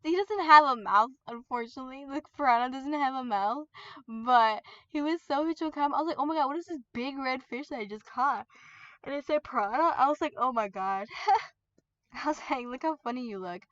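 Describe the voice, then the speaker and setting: A woman gaming YouTuber giving casual, rambling commentary on her game, giggling often and getting excited. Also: sits high, brisk, clean tone, no echo, highs cut off.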